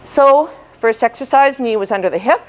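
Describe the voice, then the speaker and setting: A woman's voice: fairly high pitch, lively intonation, moderate pace. A woman fitness instructor guiding a ball workout, cueing form and counting reps while she exercises along, a little out of breath.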